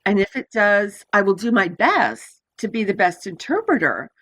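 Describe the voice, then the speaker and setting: An older woman, an astrologer, telling stories in an interview in an animated way, often laughing and acting out the voices in her stories. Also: medium pitch, moderate pace, breathy edge. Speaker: astrologer guest. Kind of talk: storytelling in a podcast interview.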